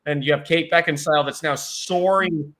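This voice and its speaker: A man with a slightly raised pitch chatting about a film with his friends. He rambles along, enthusiastic and full of wisecracks. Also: steady tone, moderate pace, a bit bright. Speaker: movie review podcast co-host. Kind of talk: casual chat.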